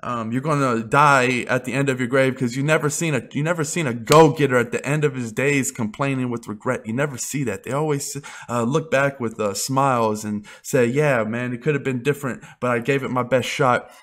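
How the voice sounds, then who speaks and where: A man's voice: mid-range voice, brisk, hardly any pauses, a bit bright. A young man giving an unscripted motivational rant as a vlogger, blunt and full of swearing. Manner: blunt, profane, emphatic.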